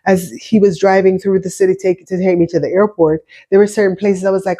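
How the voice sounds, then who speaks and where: A woman in her fifties, a Jamaican-born vlogger who has lived in America for years, talks a little fast in a mid-range, dark-toned voice with little pitch movement. Her mixed Jamaican-American accent carries a loose, chatty personal story told to the camera, with frequent restarts and repeated words.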